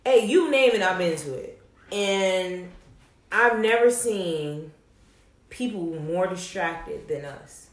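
A young woman talking casually and bluntly, swearing freely and telling stories with animated emphasis. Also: lowish voice, takes it slowly, roomy sound. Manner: blunt, profane, animated storytelling. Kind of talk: casual candid chat.

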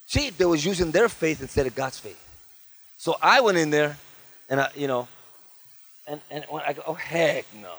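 Guy preaching hard at a church service, high voice, keeps asking for amens. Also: moderate pace, pauses often. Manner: fervent, calls for amens from the congregation; tells stories with lively asides. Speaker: guest pastor. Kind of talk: sermon.

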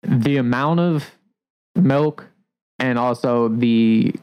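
A man who works as a coffee shop barista, talking in a relaxed, rambling way with many fillers in a casual podcast chat. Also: medium pitch, slow pace, smooth, low-quality recording.

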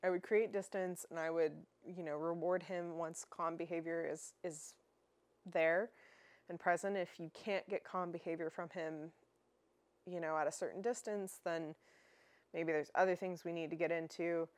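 A woman's voice: on the low side, fairly even intonation, moderate pace, dry recording. A young woman hosting a dog training podcast, explaining in a casual, chatty way with fillers and restarts.

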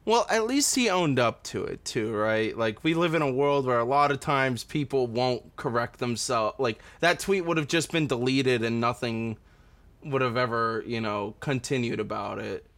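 A man co-hosting a casual news chat, animated and opinionated. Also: medium pitch, normal speed.

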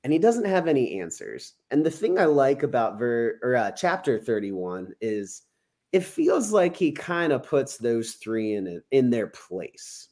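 A man explains a Bible passage in a loose, conversational way. His delivery is animated, and he slips into playful voices for the quotes, often with a laugh. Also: mid-range voice, unhurried. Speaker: podcast co-host discussing scripture. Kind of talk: casual Bible discussion.

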